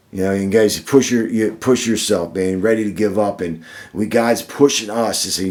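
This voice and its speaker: An earnest devotional speaker gives a short, slow devotional sermon in a lowish, darkish voice. His delivery is deliberate and repetitive, with frequent restarts, and he builds emphasis by repeating phrases.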